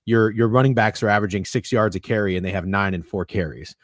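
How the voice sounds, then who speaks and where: A man's voice: on the low side, quick pace, no echo, clean studio sound. A man hosting a sports podcast, steering the panel and citing stats in a casual, frank tone. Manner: leads the discussion, cites stats. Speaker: podcast host.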